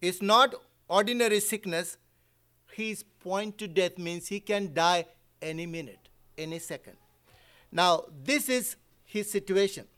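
Very high-voiced man preaching animatedly. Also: a little slow. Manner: animated, acts out quotes, emphatic. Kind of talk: sermon.

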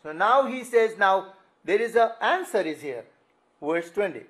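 A man's voice: high-pitched, lively intonation, unhurried, a bit bright, poor audio. A man preaching a sermon, acting out quoted cries as he explains scripture. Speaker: pastor.

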